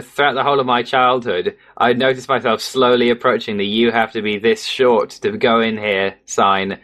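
A man's voice: fairly low pitch, fairly bright tone. An English man with a Midlands accent, co-hosting a podcast in a rambling, self-mocking way and laughing easily. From England. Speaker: podcast co-host. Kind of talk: casual podcast chat.

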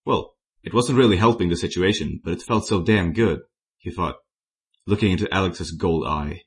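Man narrating fan fiction, very low voice, plain reading with small slips. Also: moderate pace, husky. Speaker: story reader.

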